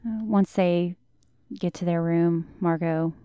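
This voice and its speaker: A woman playing a tabletop role-playing game, speaking in character in a soft, halting, subdued way. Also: fairly low pitch, fairly even intonation, clean tone, dry recording, studio quality. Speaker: player.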